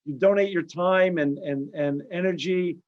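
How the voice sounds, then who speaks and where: A middle-aged man hosts an interview, speaking earnestly and emphatically in long, speechlike runs. His voice sits notably high for a man. The sound is muffled and lo-fi. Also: moderate pace. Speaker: podcast host. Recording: dull lo-fi audio.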